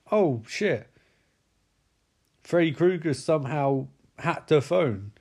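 A man's voice: on the high side, a little mellow. A man giving a comedic film recap, sarcastic, incredulous and full of swearing. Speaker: movie recap commentator.

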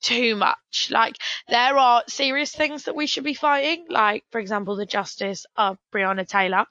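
A woman's voice: a little high, fairly even intonation, normal speed, bright, forceful tone, no echo, muffled recording. A British woman hosting a podcast, chatty and hedging with lots of "like". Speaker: podcast host. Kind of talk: casual chat.

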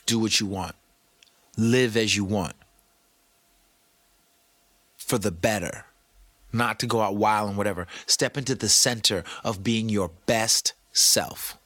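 A man hosting a podcast in a casual, animated way, giving life advice, joking with his producer and using slang. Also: on the low side, slow pace, long pauses, no echo. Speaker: podcast host. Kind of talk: casual motivational talk.

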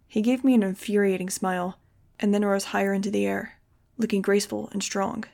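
A woman reading a novel aloud in the first person, with steady, expressive storytelling. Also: medium pitch, fairly quick, creaky. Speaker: audiobook reader.

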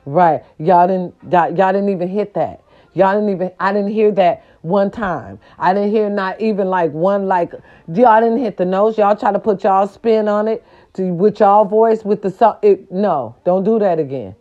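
A woman's voice: mid-range voice, moderate pace, warm tone, lo-fi sound. A woman, ranting to her viewers in a sassy, profane and emphatic casual monologue. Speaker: vlogger.

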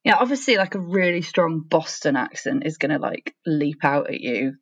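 Welsh woman, podcast co-host, low voice, lively pitch, chatty and teasing. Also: moderate pace, slightly rough, lo-fi sound. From South Wales. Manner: chatty, animated, playful teasing. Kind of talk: casual chat.

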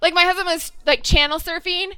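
A young Midwestern woman chatting casually about movies, animated and acting out scenes with a lot of swearing. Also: extremely high pitch, brisk, very noisy.

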